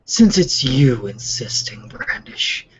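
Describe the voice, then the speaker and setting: A man voicing a dry, aloof old male archmage who speaks in a measured way, in an amateur manga read-along. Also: mid-range voice, big pitch swings, heavy background noise. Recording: dull lo-fi podcast audio.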